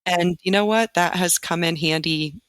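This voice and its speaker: A woman from Nebraska, a teacher and interview guest, telling stories animatedly and acting out quotes with big jumps in pitch. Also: steady tone, normal speed, a bit bright, smooth, dry recording. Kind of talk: casual interview storytelling.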